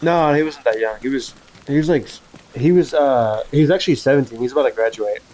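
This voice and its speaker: A man's voice: mid-range voice, a little fast, a little mellow, low-quality recording. A young man chatting casually with a friend while gaming, rambling with many fillers, laughing and swearing. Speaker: gamer. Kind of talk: casual chat over voice chat.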